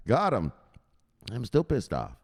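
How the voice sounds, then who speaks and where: Profane, wildly animated male crypto host. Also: on the low side. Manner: profane, excitable, shouting "bang!" often. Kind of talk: livestream chat with viewers.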